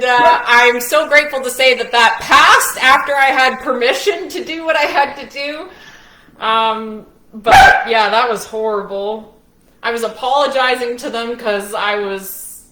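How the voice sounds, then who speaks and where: A woman's voice: fairly high pitch, sharp tone. A woman telling her own story to the camera at home, speaking bluntly and without shame. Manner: candid, blunt, unashamed. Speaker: person recounting her own ordeal. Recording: roomy echo.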